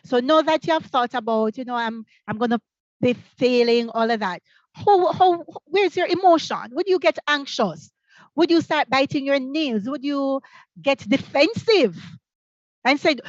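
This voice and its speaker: Lively Jamaican woman leading teacher training. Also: high-pitched, measured pace, no echo, highs cut off. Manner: energetic, asks many rhetorical questions. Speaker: workshop facilitator.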